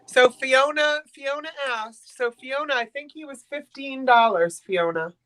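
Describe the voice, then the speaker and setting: A woman's voice: high-pitched, measured pace, a bit bright. A woman hosting a live online makers' sale, chatting casually and getting flustered. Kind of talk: casual live-stream auction chat.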